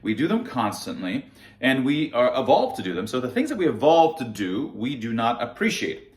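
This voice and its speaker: A man's voice: medium pitch, big pitch swings, moderate pace, reverberant. A man giving a casual science explainer monologue to camera, conversational and often restarting his words. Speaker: science vlogger.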